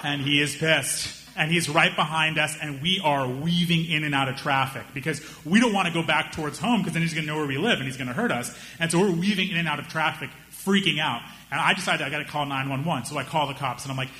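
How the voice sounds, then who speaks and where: A young man doing stand-up storytelling, animated and acting out the people in his story with raised voices. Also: on the high side, quick pace, few pauses. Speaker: stand-up comedian.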